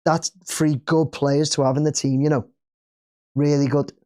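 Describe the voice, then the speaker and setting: A man's voice: on the high side, little pitch movement, normal speed, darkish tone, clean tone. A man with an English accent hosting a live football watch-along, chatting casually and cheering at the play.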